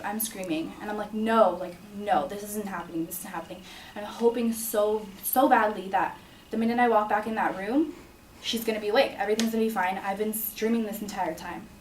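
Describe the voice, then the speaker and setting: A young woman recounts a personal story in a halting, earnest voice, pausing and restarting often. She sounds set back from the mic in a roomy space, with a faint hum of ambience behind her. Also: mid-range voice, a little mellow, distant mic. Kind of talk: personal story told to an audience.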